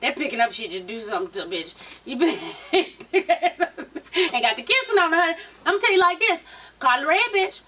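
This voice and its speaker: Woman, high-pitched, sassy vlog recap, profane gossip, slightly distant mic. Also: moderate pace. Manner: sassy, animated gossip with a lot of swearing. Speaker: vlogger recapping a reality show. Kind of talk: casual, profane show recap.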